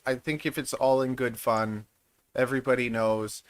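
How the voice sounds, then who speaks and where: A man's voice: mid-range voice, steady tone, moderate pace, clean tone, no room sound. A man in his thirties hosting a live stream, chatting casually in a rambling, jokey way and laughing often. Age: 30s. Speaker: channel host.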